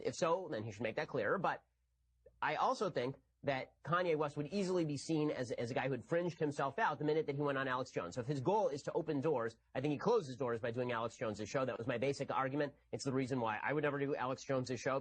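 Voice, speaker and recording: A man's voice: medium pitch, slightly rough. A man giving an argumentative commentary monologue. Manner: rapid, argumentative. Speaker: political commentator.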